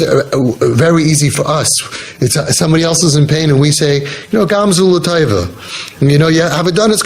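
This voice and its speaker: A rabbi speaking informally to an audience, telling stories with lively quoted voices. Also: male voice, mid-range voice, poor audio. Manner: storytelling, animated, acting out quoted voices.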